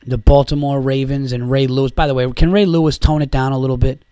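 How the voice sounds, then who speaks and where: A man's voice: mid-range voice, steady tone, fast, mellow, clean tone, dry recording. A man hosting a podcast, ranting about sports in a sarcastic, profane way. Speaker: podcast host. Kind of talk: casual sports rant.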